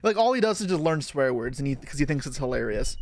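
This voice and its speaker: A man's voice: mid-range voice, very animated, quick pace. A young man from Canada chatting casually on a live stream, rambling and self-deprecating as he reacts to chat.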